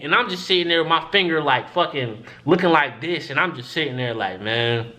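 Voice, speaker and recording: A young man vlogging a story, swinging his voice up and down as he acts out the people in it. His tone is bright and forceful, and he keeps the talk loose and profane. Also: on the high side, expressive, fairly quick, hardly any pauses. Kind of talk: casual storytelling to camera.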